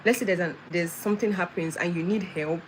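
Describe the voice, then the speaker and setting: A young woman from West Africa telling travel stories in casual live-stream chat. She talks in an animated way, restarts her sentences often and laughs as she goes. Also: fairly low pitch, brisk. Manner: chatty, with many restarts and laughs, animated storytelling. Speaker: vlogger. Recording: noisy background with vehicle sounds.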